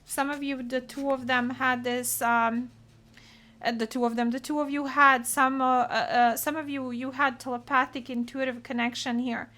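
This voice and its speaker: Speaking at a normal speed in a high, bright, forceful voice with a level tone, a woman reads tarot on her own. She explains the card meanings in an earnest, emotional way.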